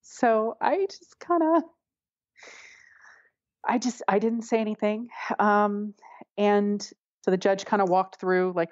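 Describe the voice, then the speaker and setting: A woman's voice: mid-range voice, measured pace, pauses often, no room sound, lo-fi sound. A woman telling a personal story in an interview, candid and wry, often laughing as she talks. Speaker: interview guest.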